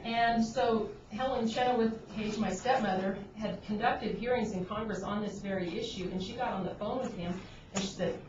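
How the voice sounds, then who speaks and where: A woman's voice: mid-range voice, moderate pace. A woman on an agriculture board giving earnest, pointed, unscripted remarks at a public meeting, with frequent restarts. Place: conference room at a government meeting. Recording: dull, noisy, roomy audio from a distant room mic.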